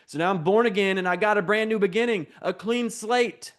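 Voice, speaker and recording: High-voiced energetic male preacher. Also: fairly quick. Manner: call-and-response, repetitive. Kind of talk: sermon.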